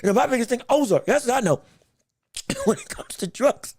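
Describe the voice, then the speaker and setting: A man hosting a boxing podcast, chatting casually with his audience in an excitable, animated way, laughing often and repeating himself as he talks. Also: very high voice, normal speed, husky, no echo. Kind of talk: casual live-stream chat.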